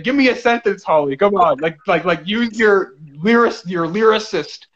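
A young Canadian man with a Southern Ontario accent hosts a loose, chatty interview, rambling through fillers and quick giggles. His voice sits a touch high, and the recording is dull and lo-fi. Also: expressive, a bit bright. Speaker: interview host. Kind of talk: casual radio interview. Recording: dull lo-fi sound.

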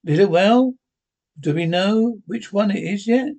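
A man with a husky voice reading the lines of a blunt young warrior woman, naming her before each line. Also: high voice, unhurried, dark tone, voice pushed up. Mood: questioning. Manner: reads the character's name before each line.

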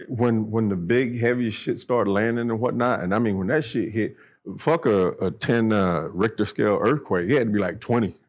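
A middle-aged man, a military veteran and podcast guest, telling stories in casual talk. He swears constantly, talks bluntly, and acts out the people he quotes by jumping up in pitch. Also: normal speed, highs cut off. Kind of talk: casual storytelling chat.

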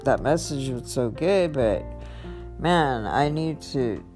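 Low, slow, rambling woman. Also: animated. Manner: rambling, halting, self-interrupting. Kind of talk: personal confessional vlog. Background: soft guitar music.

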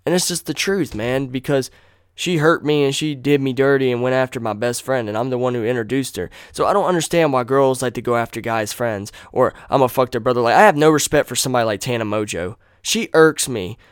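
A man's voice: mid-range voice, a little fast, smooth, no room sound, clean studio sound. A man hosting a solo podcast, ranting in an angry, blunt and profane way. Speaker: podcast host.

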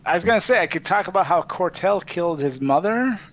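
A man's voice: high-pitched, animated, brisk, fairly bright tone. A man playing in a tabletop game, speaking hesitantly and restarting his sentences. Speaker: player. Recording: dull lo-fi audio.

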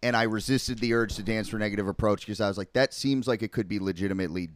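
A man's voice: on the low side, fast, dry recording. A young man on a podcast, rambling in casual chat with heavy swearing and lots of filler words. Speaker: podcast co-host.

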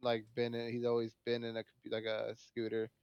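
A man's voice: medium pitch, completely flat delivery, fairly quick, clear, resonant tone, dull audio. A man co-hosting a podcast in casual chat, blunt and offhand, swearing freely. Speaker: podcast co-host.

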